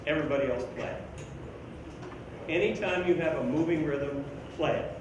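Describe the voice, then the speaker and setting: Male school band director, brisk coaching, heard from across a big echoey room with steady noise. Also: fairly high pitch. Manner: brisk, coaching, sings rhythms on syllables. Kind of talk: band rehearsal instruction. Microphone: distant room mic. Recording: echoey, distant, noisy room recording.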